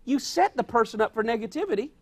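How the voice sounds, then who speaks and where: Talking fast with lively intonation, this very high-pitched male pastor delivers a folksy, plain-spoken sermon. He hammers home his key points through emphasis and repetition, and he acts out the dialogue he quotes.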